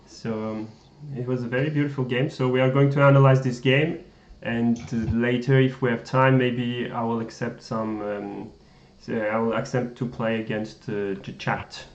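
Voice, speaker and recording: A man with a French accent co-hosts a chess stream, laughing often and teasing his partner. His pitch is average. The audio is roomy and dull, like a lo-fi stream. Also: level tone, normal speed. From France. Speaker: chess coach and co-host. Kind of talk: casual live-stream chat.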